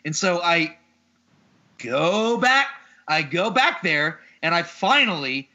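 A man's voice: on the high side, sing-song, slow pace, pushed and bright, highs cut off. A man hosting a podcast who tells a story in casual chat, sounding exasperated and swearing freely as he retells it. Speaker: podcast host.

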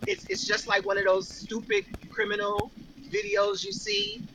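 A woman co-hosting a news show and commenting in an animated, exasperated way. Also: very high-pitched, moderate pace, noisy background. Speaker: co-host. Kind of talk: casual chat.

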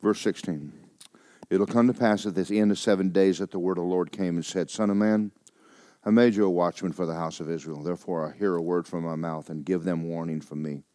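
An older man, preaching a sermon in a church. He moves between loud, urgent preaching and quiet, joking asides. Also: low voice, dry recording, studio quality. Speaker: pastor. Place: church sanctuary.

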